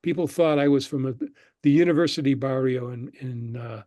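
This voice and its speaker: An older man, a guest on an interview show, telling relaxed stories about his past and acting out the people he quotes. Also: medium pitch, fairly quick, no room sound, clean studio sound. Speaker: guest, screenwriter and professor. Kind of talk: conversational interview storytelling.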